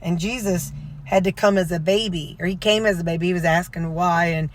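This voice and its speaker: A woman's voice: fairly low pitch, fairly even intonation, a little fast, a little hiss or hum. Woman rambling while talking from a car. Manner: rambling, with many fillers and self-corrections. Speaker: vlogger. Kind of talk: casual retelling of a sermon. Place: inside a car.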